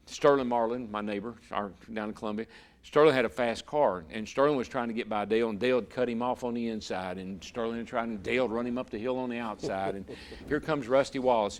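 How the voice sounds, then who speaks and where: A man, a former racer turned broadcaster, telling a vivid story as an interview guest and often repeating words. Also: medium pitch. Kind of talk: storytelling in a conversation.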